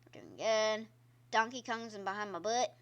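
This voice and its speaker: A woman's voice: mid-range voice, moderate pace, muffled recording. A woman streamer giving casual gameplay commentary, chatty and exclaiming at the game while talking to her viewers. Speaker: gaming streamer. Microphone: own microphone.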